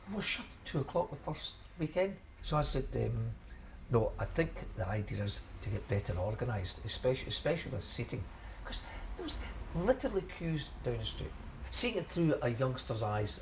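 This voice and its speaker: An older Scottish man in his seventies looks back on decades of running his shop. He rambles in a friendly way, repeats phrases as he gathers his thoughts, and his voice sits at an ordinary middle pitch. Faint ambient noise hums behind him. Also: sing-song, moderate pace, darkish tone. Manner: chatty, rambling, repeats himself, chuckles at memories. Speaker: shellfish shop owner. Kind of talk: reminiscing in a documentary interview.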